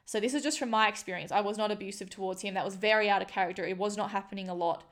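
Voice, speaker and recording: A woman's voice: mid-range voice, racing, fairly bright tone. Frank young woman talking casually. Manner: frank and casual, swears freely, many fillers. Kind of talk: candid personal storytelling to camera.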